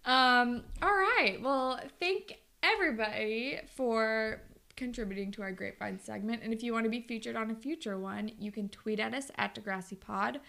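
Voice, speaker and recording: A young woman co-hosting a podcast with a gravelly, fry-laced voice and a bright, forward tone. She chats casually and giggles often, keeping it loose and informal, with the occasional swear. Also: on the high side, moderate pace. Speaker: podcast co-host.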